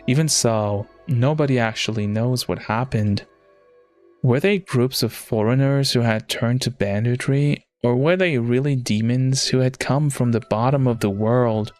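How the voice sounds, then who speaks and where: A calm woman unfolds a dark village legend in slow, measured words, as a man reads her lines. The voice sits at an ordinary middle pitch. Soft music plays faintly behind her. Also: close to an everyday voice. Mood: ominous. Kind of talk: reading a visual novel aloud.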